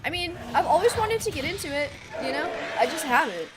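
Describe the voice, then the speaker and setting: A woman streamer giving casual, animated gaming commentary, exclaiming and laughing often. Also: high-pitched, a little fast, a loud crowd, very noisy.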